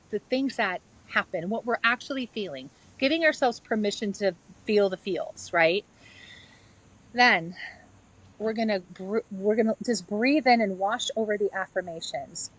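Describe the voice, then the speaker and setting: A middle-aged woman guest speaks in a fairly high voice. She talks earnestly in a relaxed interview, walking through a practice step by step and leaning on everyday examples. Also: moderate pace, rough recording. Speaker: guest author and yoga therapist. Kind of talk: conversational interview.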